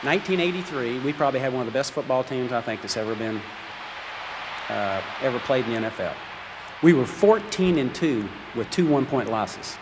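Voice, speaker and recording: A man's voice: medium pitch, brisk, background noise. Folksy man telling stories in a hall. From United States. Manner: folksy, self-mocking, animated storytelling. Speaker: football coach giving a testimony. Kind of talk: storytelling speech to a live audience. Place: large hall. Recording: long hall reverb.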